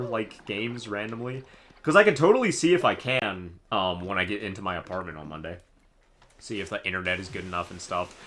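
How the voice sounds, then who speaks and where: A man in his twenties casually commenting on a live game stream, animated and joking with viewers. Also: fairly low pitch, slight background noise. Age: 20s. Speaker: let's play streamer.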